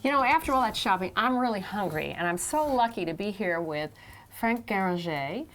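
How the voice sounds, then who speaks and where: A woman's voice: medium pitch, expressive, moderate pace, soft background music. A woman hosting a cooking show, asking questions and explaining cooking terms in an upbeat way. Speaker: host. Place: outdoors on a hillside.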